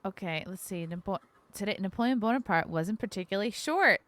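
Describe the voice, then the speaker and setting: A woman's voice: mid-range voice, animated, a little fast, fairly bright tone, no echo. A woman hosting a podcast, reading facts aloud in casual chat and cracking crude jokes. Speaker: podcast host.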